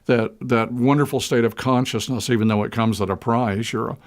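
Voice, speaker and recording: A man's voice: mid-range voice, steady tone, fairly quick. An American man co-hosting a conversational discussion, reflective and given to wry asides and anecdotes. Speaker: co-host.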